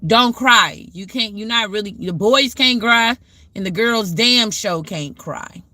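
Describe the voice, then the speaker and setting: A woman talks casually on her own livestream, reflective and conversational, stopping to answer viewers as their comments come in. Her voice is bright and forward, and it sits close and dry with no room around it. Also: medium pitch, unhurried, dry recording. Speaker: livestream host.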